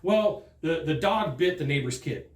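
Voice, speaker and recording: A man giving a sales training talk, telling stories from the field in an animated, emphatic way. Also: fairly high pitch, a little slow, reverberant, a little hiss or hum.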